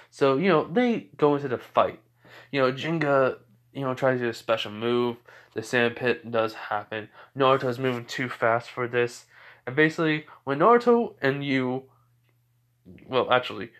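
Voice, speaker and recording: A man's voice: medium pitch, moderate pace, a bit bright. A man casually narrating a fan story, rambling with lots of fillers and corrections.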